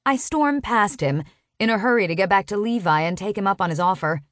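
A woman narrating a first-person romance audiobook in an expressive, sharp-tongued storytelling manner. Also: mid-range voice, brisk, no echo, studio quality.

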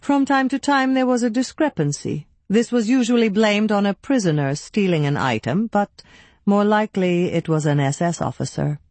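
A woman's voice: mid-range voice, expressive, normal speed, darkish tone, no echo. Dry, close woman narrating an audiobook. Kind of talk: first-person scripted narration.

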